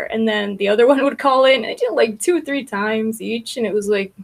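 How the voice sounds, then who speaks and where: A woman's voice: fairly high pitch, moderate pace, vocal fry. A woman hosting a casual livestream, rambling about online gossip with frequent laughter, swearing and filler words.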